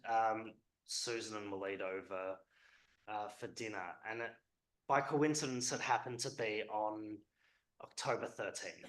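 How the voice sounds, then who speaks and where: A man's voice: medium pitch, unhurried, fairly bright tone, roomy sound, low-quality recording. A man speaking at a public event as a historian, conversational and hesitant with frequent ums.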